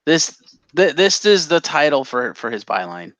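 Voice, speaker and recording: A man on a podcast, rambling through a recap and cursing casually. His voice sits a little high. The recording is dry and somewhat dull. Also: very animated, moderate pace, a bit bright, dry recording. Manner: rambling, swears, restarts. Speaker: podcast co-host. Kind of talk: casual chat.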